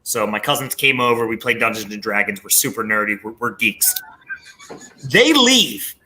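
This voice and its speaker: A man, hosting a podcast and telling a story in lively casual chat, swearing freely. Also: on the low side, a little fast, a little hiss or hum. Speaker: podcast host.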